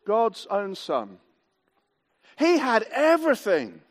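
Animated high-pitched preacher man. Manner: animated, drawn-out emphasis on key words, leads the congregation in actions. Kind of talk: all-age Christmas sermon. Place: church hall with tiered seating.

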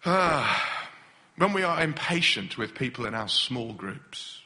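A middle-aged man preaching a sermon, lively and acting out impatient voices. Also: mid-range voice, slow. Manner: animated, acts out impatient voices.

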